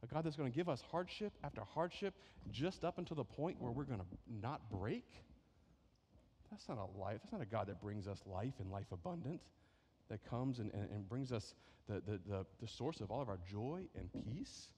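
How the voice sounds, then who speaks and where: A man's voice: medium pitch, lively intonation, normal speed, darkish tone, a little hiss or hum. A man preaching a sermon as pastor, in a conversational way that keeps checking in with "right?". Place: church sanctuary. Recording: echoey hall reverb.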